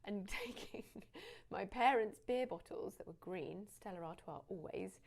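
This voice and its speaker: A woman's voice: medium pitch, animated, unhurried, creaky. Woman with an English accent, chatty wry presenter with a teacher's delivery. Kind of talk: scripted list video presentation.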